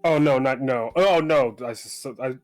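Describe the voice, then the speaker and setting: A man co-hosting a livestream, making mumbly, deadpan asides in casual chat. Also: mid-range voice, moderate pace, soft background music.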